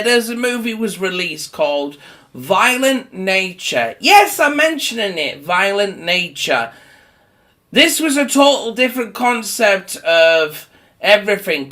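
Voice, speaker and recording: A man delivers a profane, rambling rant in a bright, forceful voice. He talks at an unhurried pace, laughs often between his points, and mocks other people in put-on voices. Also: sits high. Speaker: horror movie vlogger.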